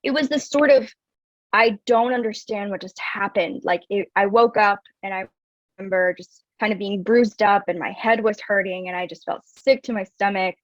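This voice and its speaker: Her voice sits at a medium pitch and moves at normal speed, with no echo. As an interview guest, this wellness coach shares her own story candidly, earnest and reflective, peppering it heavily with "like." The sound is dry and a bit dull.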